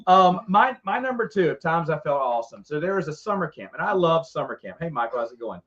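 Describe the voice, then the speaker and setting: A middle-aged man telling rambling, animated stories as a podcast co-host in casual chat. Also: fairly high pitch, fast talker. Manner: rambling, animated, frequent restarts. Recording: dull lo-fi sound.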